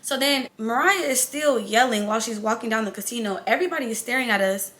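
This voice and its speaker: A young woman vlogger casually telling a story, animated and chatty, acting out the dialogue. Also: a little high, fast talker.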